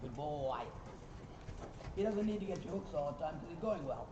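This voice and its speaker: Calling corrections to riders and praise to their horses, a high-voiced riding instructor speaks at a quick pace. The background is noisy, and the recorder's distance in the arena leaves the sound echoey, dull and far off.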